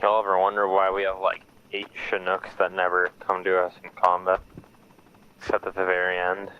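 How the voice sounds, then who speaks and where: A man's voice: low voice, completely flat delivery, normal speed, clean tone, dull audio. A man in casual voice chat telling a game story, acting out radio calls, on a close headset mic with audible breathing. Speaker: player in a military sim game. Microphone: headset mic too close, breathing audible.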